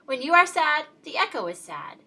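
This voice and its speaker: A wise old male beaver from a picture book explains things slowly and gently, in a woman's read-aloud voice. Her tone stays bright, and the pitch moves in wide, lively swings. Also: full character voice. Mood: gentle.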